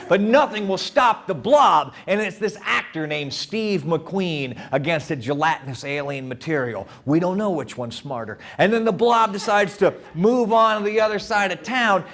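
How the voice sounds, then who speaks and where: A man telling a story live to a young audience, playful and animated, often turning to talk with the crowd. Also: fairly high pitch. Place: live event before an audience.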